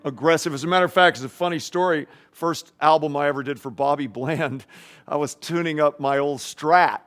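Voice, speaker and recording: A man's voice: on the high side, fairly quick, fairly bright tone. A man, a guest guitarist, rambling through anecdotes in a casual interview and acting out voices and guitar sounds.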